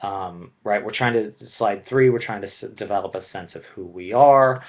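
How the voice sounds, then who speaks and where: A man's voice: lowish voice, moderate pace. Man lecturing, slightly muffled recording. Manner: conversational, frequent "right?" tag questions.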